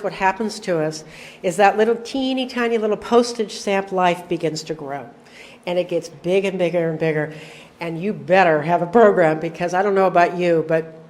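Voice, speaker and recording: A woman's voice: medium pitch, slight background noise. A middle-aged woman telling her personal recovery story to an audience, with wry, self-deprecating humor and acted-out dialogue. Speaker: recovery meeting speaker.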